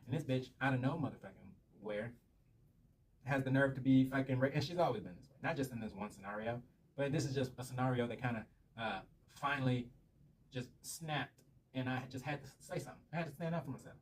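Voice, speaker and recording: A man's voice: mid-range voice, a little fast, husky. A man telling rambling, profanity-filled stories in a casual rant to the camera. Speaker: vlogger. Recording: slightly distant mic with faint room noise.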